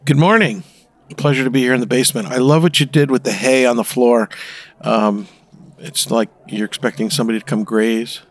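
A man co-hosting a casual drinks chat, dropping wry, deadpan quips. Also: medium pitch, fairly quick. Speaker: co-host.

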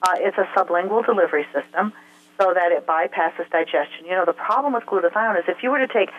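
Talking fast in a low-ish voice, a woman acts as a health expert guest in an interview, breaking things down step by step with many filler sounds. The tinny phone-line audio carries slight background noise.

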